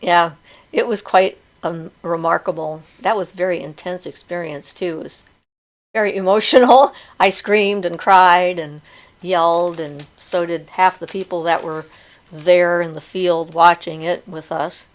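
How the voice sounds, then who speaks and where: Woman, middle-aged, low voice, gravelly, chatty, laughs often, live chat host. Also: measured pace. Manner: chatty, laughs often, reads comments aloud. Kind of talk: casual live chat, reading viewer comments.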